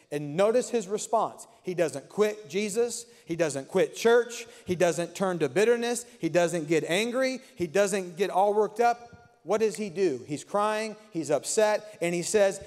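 A man's voice: high voice, darkish tone, long reverb tail. A man preaching a sermon as pastor, with an impassioned, repetitive cadence in a church sanctuary.

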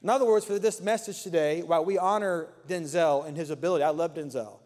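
A man's voice: a little high, fast talker, darkish tone, in a large hall. A man preaching a sermon as pastor, with an impassioned, repetitive cadence in a church sanctuary.

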